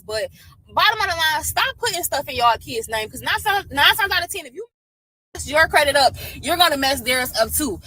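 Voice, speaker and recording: A woman's voice: sits high, bright, forceful tone, rough recording. A woman, venting frustrated to viewers in a social media video, swearing often. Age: 20s.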